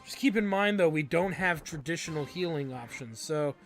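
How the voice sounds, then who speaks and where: A man's voice: a little high, lively intonation, normal speed, soft background music. A man hosting a let's play, giving casual gameplay commentary with crude jokes and many ums.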